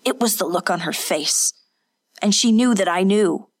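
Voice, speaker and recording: A woman voicing a jealous, furious young noblewoman with a shrill, venomous voice. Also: moderate pace, no room sound, clean studio sound, lightly acted.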